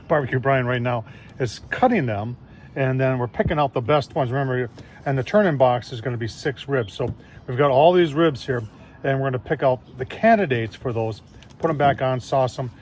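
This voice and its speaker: A man's voice: mid-range voice, a little fast, darkish tone, slight background noise. A man hosting a casual outdoor barbecue demo, folksy and chatty, calling his viewers "folks". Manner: folksy, keeps saying "folks" and "I tell you what". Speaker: barbecue video host. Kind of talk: casual cooking demonstration.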